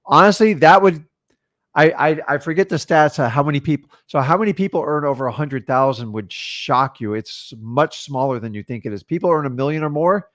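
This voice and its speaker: A man with a slightly higher voice gives blunt business advice in casual chat. The sound is dry and close, with no room around him. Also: lively intonation, a little fast, fairly bright tone, dry recording. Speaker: real estate investor co-host.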